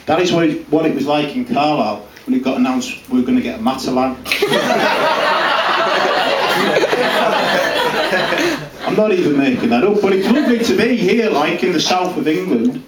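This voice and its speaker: Crude, rambling Cumbrian farmer, played by a man on a pub stage; slightly high voice, roomy and distant sound. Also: sing-song, measured pace, pauses often. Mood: brash. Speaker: character comedian. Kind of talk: live stand-up character act. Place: small pub comedy room, live audience. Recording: roomy, distant mic, noisy live room.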